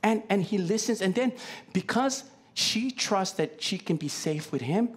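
Pastor, male; animated, very lively pitch, chatty Q-and-A preaching style. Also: a little slow. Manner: conversational, asks the congregation many questions. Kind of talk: sermon. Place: church.

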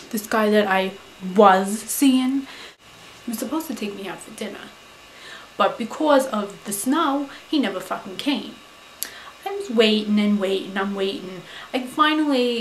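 A woman playing a brash, foul-mouthed young Staten Island woman with a New York accent, who rants loudly and says "you know" a lot. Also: medium pitch, a little hiss or hum, lightly acted. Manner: loud, profane, indignant, full of "you know". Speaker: advice-giving vlogger character. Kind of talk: comic character monologue to camera. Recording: roomy echo.

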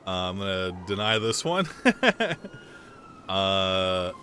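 A man's voice: low voice, sing-song, slow pace, pushed and bright, a little hiss or hum. A man livestreaming in casual chat, joking and swearing, laughing often as he talks.

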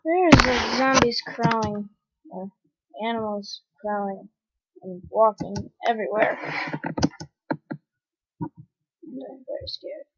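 A woman's voice: a little high, takes it slowly, long pauses, fairly bright tone, slightly rough. A woman giving dramatic, complaining gameplay commentary that breaks into panicked screams. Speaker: gamer. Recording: dull lo-fi home recording.

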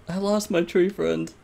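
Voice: medium pitch, heavy background noise. A player chatting nervously while playing a multiplayer horror game, giggling and stammering. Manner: nervous, giggly, drawn-out delivery. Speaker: gamer. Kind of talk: casual multiplayer gaming chat.

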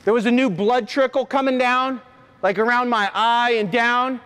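High-voiced man telling a confessional story. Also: fairly even intonation, a bit bright, clear, resonant tone. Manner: earnest, halting, confessional. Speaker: motivational speaker, former coach. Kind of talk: emotional personal storytelling to an audience. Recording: long hall reverb.

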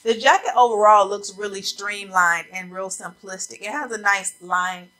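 A woman's voice: medium pitch, normal speed, pushed and bright, low-quality recording. Woman, casual fashion vlog chat, slightly out of breath, talks to viewers at the camera. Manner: chatty, addresses viewers as y'all. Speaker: fashion vlogger. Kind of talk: casual try-on haul chat. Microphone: camera mic facing a ring light.

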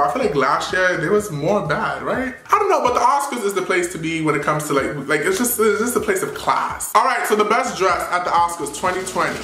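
Sassy gushing man, bright echoey voice. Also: sits high. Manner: sassy, animated, gushing with playful slang. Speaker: fashion commentator. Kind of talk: casual red carpet commentary.

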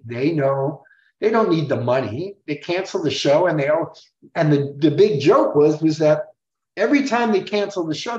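Male podcast guest, animated storyteller, roomy lo-fi recording. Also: a little high. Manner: animated, acts out quotes. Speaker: podcast guest, rock singer. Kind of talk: storytelling interview. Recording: roomy, dull lo-fi audio.

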